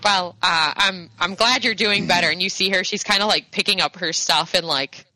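A woman running a tabletop game as game master, explaining the rules and narrating haltingly with many fillers. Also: lowish voice, pushed and bright, a little hiss or hum, rough recording.

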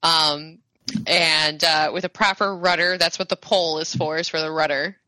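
A woman runs a tabletop game as its game master, her voice bright and forward. She narrates haltingly, filling gaps with "uh" and pauses. The sound is dry and close, with no room around it. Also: deep voice, steady tone, no room sound, poor audio. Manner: halting, many filler pauses.

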